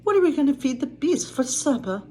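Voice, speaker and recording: A woman voicing a fussing, motherly female teapot housekeeper in a storybook reading, trying a British accent in a high, sing-song voice. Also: sing-song, quick pace, warm tone, slight background noise.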